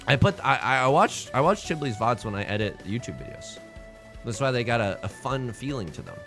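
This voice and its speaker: A young man streaming a mahjong game, joking with his chat and reacting loudly to his hands. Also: medium pitch, moderate pace, creaky, faint music behind. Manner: jokey, animated, talks to chat and reacts loudly to tiles. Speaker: Twitch streamer. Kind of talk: casual live-stream commentary while playing mahjong.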